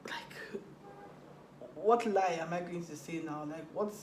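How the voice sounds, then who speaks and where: A young woman telling a storytime vlog while doing her makeup, chatty and animated, acting out what people said. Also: lowish voice, moderate pace, reverberant, noisy background. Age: young adult. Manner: chatty, animated retelling with acted quotes. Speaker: vlogger.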